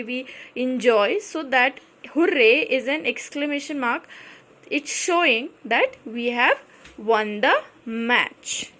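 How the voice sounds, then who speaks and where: A woman's voice: high-pitched, fairly bright tone. A woman with an Indian English accent teaching a grammar lesson, explaining patiently and repeating herself often. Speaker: school teacher.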